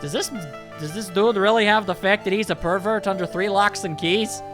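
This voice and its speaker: A man's voice: high voice, moderate pace. A man casually commenting on a game he is playing, with joking, rambling asides. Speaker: let's play host. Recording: game music underneath.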